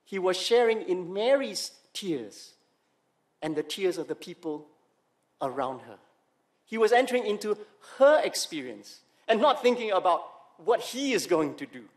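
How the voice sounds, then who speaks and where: Male pastor preaching, high-pitched, emphatic, pauses for weight. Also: very animated. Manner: emphatic, slow dramatic pauses on key words; rhetorical questions to the congregation. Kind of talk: sermon.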